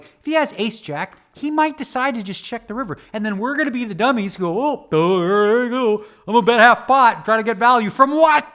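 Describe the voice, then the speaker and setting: A man breaking down his own poker hands in a conversational lesson, quizzing viewers with rhetorical questions. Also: high-pitched. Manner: animated, conversational teaching. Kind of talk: spoken hand-analysis lesson.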